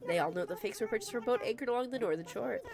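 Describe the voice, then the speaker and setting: A woman's voice: on the high side, rapid-fire, gravelly. A woman reading out the morning announcements of a cheerful female dog assistant in a video game. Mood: announcing.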